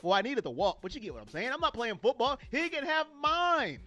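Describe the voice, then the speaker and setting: A man's voice: very high-pitched, sing-song, fairly quick, hardly any pauses, pushed and bright. A man from California hosting a sports fan livestream, talking casually and emotionally, laughing easily and greeting viewers as he reads their comments. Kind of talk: casual livestream talk reading chat comments.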